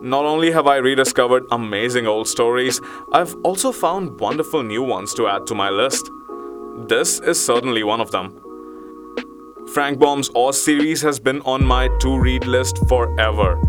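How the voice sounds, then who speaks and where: A man's voice: medium pitch, normal speed. Male podcast storyteller over faint music. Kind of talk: storybook narration.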